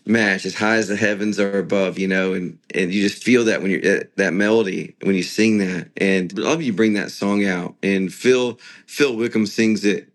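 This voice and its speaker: A man with a fairly low voice answers interview questions as a songwriter. He explains his intentions earnestly and slips into retelling a story with steady sincerity. His tone stays conversational throughout. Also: moderate pace, hardly any pauses. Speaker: guest songwriter.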